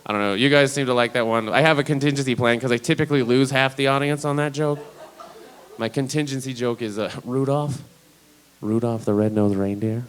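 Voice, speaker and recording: A man's voice: medium pitch, fairly even intonation, a little fast, clear, resonant tone, low-quality recording. A man doing a stand-up comedy set, talking in a rambling, profane, conversational way.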